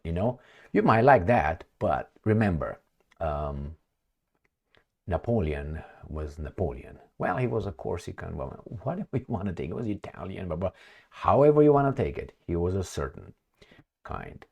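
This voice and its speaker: A man's voice: sits low, moderate pace, gravelly, slightly rough. A man from Romania, hosting a casual political commentary vlog in a sarcastic, rambling way. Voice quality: sarcastic, mocking. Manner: rambling, animated, frequent fillers and laughs.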